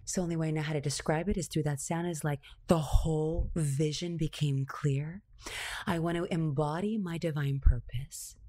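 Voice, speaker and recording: A woman telling a personal story in a confessional monologue, moving between hushed, near-whispered phrases and intense, emphatic bursts, with words repeated for rhythm. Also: low-pitched, steady tone, normal speed.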